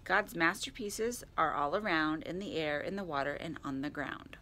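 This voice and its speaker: A woman reading a picture book aloud for library storytime, clear and expressive. Her voice sits a little low but has a bright, crisp tone. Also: moderate pace.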